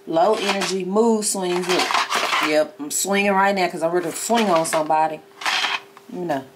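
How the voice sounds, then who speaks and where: A woman's voice: fairly low pitch, moderate pace, heavy background noise. A woman with a Southern country accent chatting bluntly and jokingly in a casual vlog from a parked car, eating while she talks. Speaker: vlogger.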